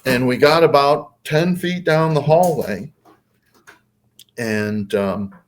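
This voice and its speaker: A man's voice: medium pitch, takes it slowly. A man who is a podcast guest, telling a story casually and hesitantly, with many fillers.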